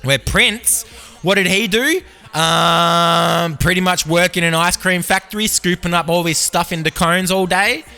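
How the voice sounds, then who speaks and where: A man's voice: on the high side, bright, forceful tone. A man with an Australian accent hosting a podcast, rambling through absurd tangents with lots of fillers. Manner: absurd, meandering, filler-heavy. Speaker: podcast host. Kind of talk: rambling comedic monologue.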